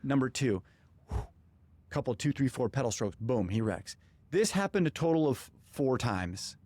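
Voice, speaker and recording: This podcast host, a man, speaks at normal speed in a mid-range voice. Recording in a studio, he tells an anecdote from his own life energetically and acts out what each person said.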